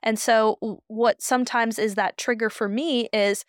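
A soft-spoken woman co-hosting a podcast, talking in a calm, reflective way. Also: on the high side, normal speed, smooth, no echo, clean studio sound. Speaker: podcast co-host. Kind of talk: casual chat.

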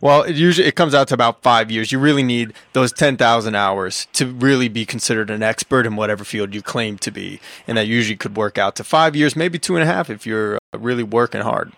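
A man's voice: mid-range voice, fairly quick, few pauses, a bit bright, no room sound. A man co-hosting a podcast, explaining things step by step with dry humor. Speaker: podcast co-host. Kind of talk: casual banter.

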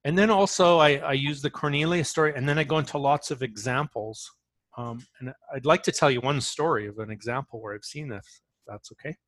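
A man's voice: medium pitch, brisk, fairly bright tone, no room sound. A man speaking as an author in an interview, talking earnestly and often restarting his phrases as he tells a story.

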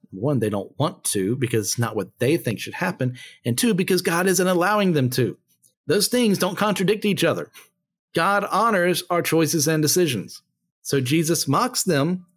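Man reading scripture and chatting about it. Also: on the high side. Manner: conversational, with frequent fillers and asides. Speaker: Bible study host. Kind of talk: scripture reading and casual commentary.

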